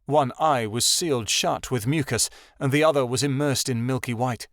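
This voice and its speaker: A man narrating a fantasy audiobook in an expressive storytelling style. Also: medium pitch, moderate pace, no room sound, clean studio sound. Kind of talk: scripted narration.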